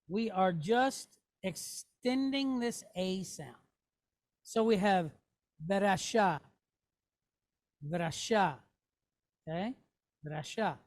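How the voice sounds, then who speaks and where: A woman teaches a classroom lesson at an unhurried, deliberate pace. She is patient, sounding words out and pausing to check in with her students before moving on. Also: medium pitch, lively intonation, darkish tone. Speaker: Hebrew teacher.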